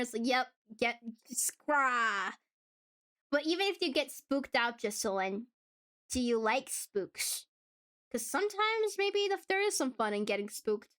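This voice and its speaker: A woman with a high voice chats casually on her live stream. She rambles from thought to thought, laughs often, and slips into playful voices to act out her viewers. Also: a bit bright. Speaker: VTuber streamer.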